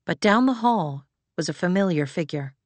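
A woman reading fantasy fiction aloud as an audiobook narrator, in an even, measured way. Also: fairly low pitch, dry recording.

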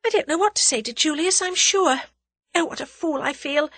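A woman reading an audiobook, voicing a spirited young woman who exclaims and scolds herself in a high, emotional voice. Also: normal speed, a bit bright, no room sound. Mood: self-scolding.

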